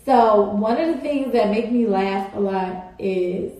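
A woman's voice: medium pitch, a little slow, mellow. A young woman, chatting casually and rambling to her viewers on a phone live stream, full of "like" and "y'all". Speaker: social media personality on a live stream. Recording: very echoey room on a phone.

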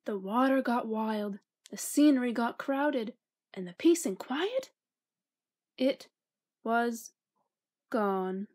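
A woman reading a picture book aloud, playful and expressive, pausing to ask her listeners questions. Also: on the high side. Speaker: storybook reader.

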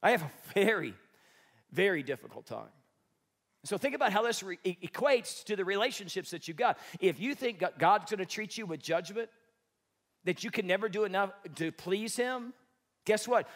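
Animated man preaching a sermon. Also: high voice, a little fast. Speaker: pastor.

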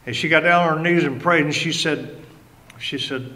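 A man's voice: on the high side, normal speed, pushed and bright, poor audio. An older man and ordained minister preaching passionately to a live audience, telling a story with emphasis and acting out the quoted voices. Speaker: guest speaker and ordained minister.

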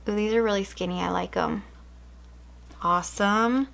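A young woman in casual chat, unboxing planner supplies at home, gushing and excitable with frequent gasps. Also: medium pitch, normal speed, vocal fry, low-quality recording. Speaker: planner vlogger. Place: home room.

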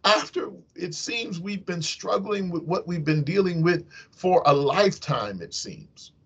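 Husky-voiced man giving a meditation. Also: high voice, expressive, measured pace. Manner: conversational, self-correcting. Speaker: hospital chaplain. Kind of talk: devotional meditation. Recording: dull lo-fi recording.

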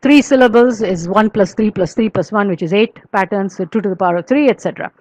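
A woman's voice: mid-range voice, fast, dry recording, muffled recording. Woman lecturing in a dry room. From India. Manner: explanatory, steady, with many fillers and restarts; chants verse rhythmically and counts out syllables. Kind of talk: academic lecture.

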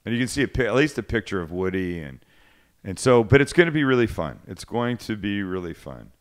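A man's voice: fairly low pitch, big pitch swings, a little fast. A man hosting a cooking show's live cast, rambling through a story with restarts and acting out both sides of a phone call. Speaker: cooking show host. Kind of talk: casual live-cast chat.

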